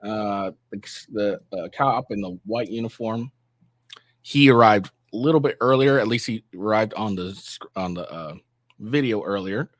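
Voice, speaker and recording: A man's voice: fairly low pitch, normal speed, no echo. A man giving casual reaction commentary on his vlog, rambling with fillers and sarcastic asides. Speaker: commentary vlogger.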